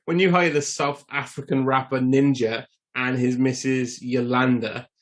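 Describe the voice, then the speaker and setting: A relaxed man co-hosting a film podcast, his voice sitting in the middle of the male range. He moves the conversation along in an easy, matter-of-fact way. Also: medium pitch, unhurried. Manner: relaxed, steers the show along. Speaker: podcast co-host. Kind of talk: casual film podcast chat.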